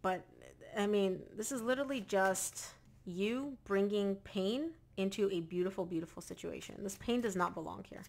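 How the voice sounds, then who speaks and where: A woman's voice: medium pitch, moderate pace, creaky. A woman giving a casual tarot reading to camera, talking straight to the viewer and repeating phrases for emphasis. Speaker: tarot reader.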